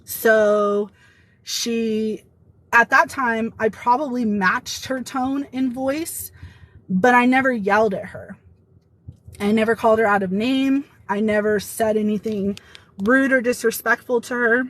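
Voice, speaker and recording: A woman telling an animated story about her workplace in a casual vlog, quoting the people involved. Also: a little high, unhurried, rough recording. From Italian heritage. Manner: animated retelling, quoting others.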